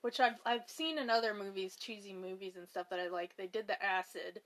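A woman's voice: medium pitch, fairly quick, a bit bright. A woman co-hosting a casual podcast, chatty and loose, who laughs often and swears freely. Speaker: podcast co-host.

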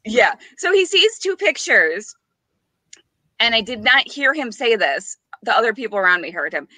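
A woman co-hosting a podcast, telling a story in a casual, animated way with frequent giggles. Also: fairly high pitch, moderate pace, dry recording. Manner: animated, giggly, rising to squeals on punchlines. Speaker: podcast co-host.

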